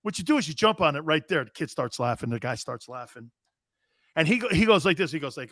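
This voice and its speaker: A man's voice: a little high, big pitch swings, fast talker, a bit bright, dry recording, studio quality. A brash, boastful middle-aged man hosting a sports talk show, chatting casually and reading out viewer comments. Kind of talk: casual live-stream talk, reading chat.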